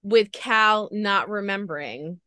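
A woman's voice: mid-range voice, lively intonation, slow, bright, forceful tone, dry recording. A woman podcast host gushing as she retells a story in a casual interview chat.

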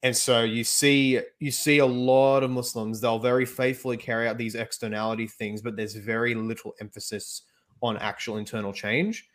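A man's voice: medium pitch, level tone, moderate pace, fairly bright tone. A man giving his views emphatically in a casual group discussion. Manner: opinionated, emphatic.

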